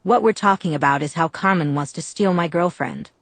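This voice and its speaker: A woman's voice: fairly low pitch, fairly quick. A woman voicing a joking, wry male vampire in an audiobook.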